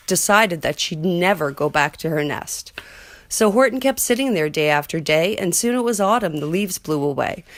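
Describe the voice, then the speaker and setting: Woman reading a rhyming story, low and dry. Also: no echo. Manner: rhythmic, rhyming read-aloud. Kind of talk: reading a children's picture book aloud.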